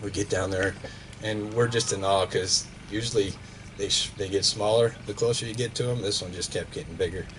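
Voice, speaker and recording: A man's voice: on the low side, steady tone, fairly quick, background noise. A man, a former coach, tells a personal hunting story at a memorial service and acts out the sound effects. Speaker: eulogy speaker, former coach.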